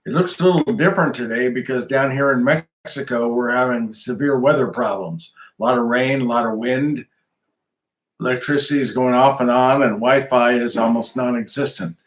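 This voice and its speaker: A man hosting, giving a calm, measured devotional reflection to the camera. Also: mid-range voice. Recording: roomy echo.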